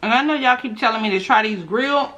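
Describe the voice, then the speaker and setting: A woman's voice: fairly high pitch, fast talker, fairly bright tone, muffled recording. A woman vlogger in casual mukbang chat while eating, talking straight to her viewers with playful asides and hums. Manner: chatty, talks straight to viewers as y'all. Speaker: food vlogger.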